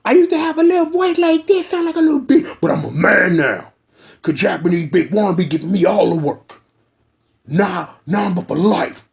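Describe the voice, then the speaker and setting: A man's voice: sits high, very animated, normal speed, gravelly, full character voice. A man voicing a blustering small-time gangster who makes threats in heavy street slang. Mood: swaggering.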